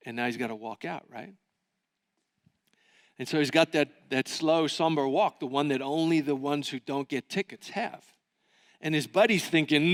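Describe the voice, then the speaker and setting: A high-voiced man preaches to a conference crowd, telling a story with lots of energy and acting out the voices of its characters. His voice rings out with a long reverb from the church hall. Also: normal speed. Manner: animated, acting out quoted voices. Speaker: pastor. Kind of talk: sermon storytelling.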